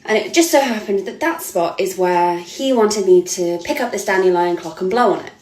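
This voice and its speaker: A woman's voice: medium pitch, normal speed, darkish tone. A woman, a model giving an earnest, hesitant personal account. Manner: earnest, hesitant, with frequent ums and restarts. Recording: echoey room.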